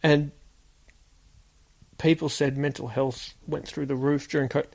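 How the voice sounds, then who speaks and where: A man's voice: fairly high pitch, little pitch movement, a little slow, vocal fry, a little mellow. An Australian man, a former police officer, telling casual stories as a podcast guest and acting out the dialogue. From Sydney, Australia. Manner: acts out quoted dialogue, laid-back. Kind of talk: casual storytelling.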